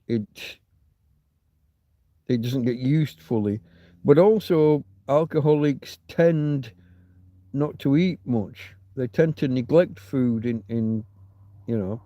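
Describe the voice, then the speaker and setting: A man with a gravelly, creaky voice and a dark, mellow tone hosts a casual livestream chat. He rambles and thinks aloud, and a swear slips out now and then. The sound is dry and close. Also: mid-range voice, dry recording. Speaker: livestream host.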